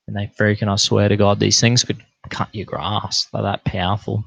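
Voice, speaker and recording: A man's voice: fairly low pitch, flat delivery, fairly quick, gravelly, few pauses, fairly bright tone, dry recording. A young Australian man in a casual late-night livestream, rambling, laid-back and full of swearing. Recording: dull lo-fi stream audio.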